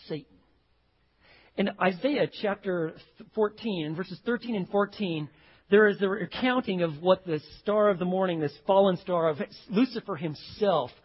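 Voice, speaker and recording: A male pastor preaching a sermon, swinging from hushed lines to loud, acted-out quotes. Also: high voice, husky. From Texas. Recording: dull lo-fi recording.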